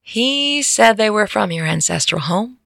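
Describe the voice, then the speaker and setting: A woman voicing an earnest, emotional young man with hooves in a spoken fantasy story, in a gravelly voice. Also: mid-range voice, lively intonation, unhurried, fairly bright tone, no room sound, clean studio sound, pitched above the performer's own voice, heavily acted. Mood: wistful.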